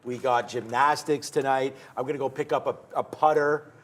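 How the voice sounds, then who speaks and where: A man's voice: mid-range voice, fairly even intonation, moderate pace, a bit bright. A man hosting a live studio show in a casual, rambling chat, his voice getting tired. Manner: rambling and chatty, with many fillers. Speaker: show host. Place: trading-floor TV studio.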